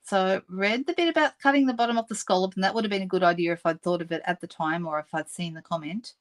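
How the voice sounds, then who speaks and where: A woman's voice: mid-range voice, brisk. An Australian woman hosting a live papercraft demonstration, chatting casually with viewers, answering their comments and laughing often. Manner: laughs often and apologizes playfully.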